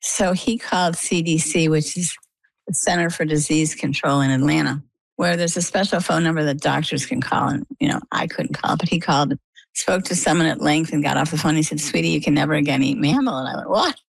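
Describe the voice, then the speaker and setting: A woman from Maine, an interview guest, telling a personal story with lively storytelling and acted-out dialogue. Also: sits low, a little fast, vocal fry, dry recording, poor audio. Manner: animated storytelling, acts out quoted dialogue.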